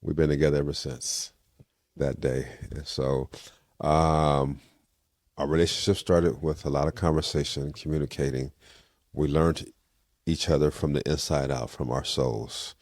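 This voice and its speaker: An older man from California, a guest in an interview, casually telling a story in a lively way and acting out the dialogue he quotes. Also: very deep voice, unhurried, dry recording, studio quality.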